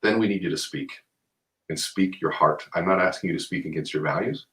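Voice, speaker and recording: A man with a very deep voice speaks as a guest on a live video interview. He tells stories with energy and turns earnest and urging when he gives advice. The call sound is plain, with nothing behind him. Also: a little fast, pushed and bright, low-quality recording.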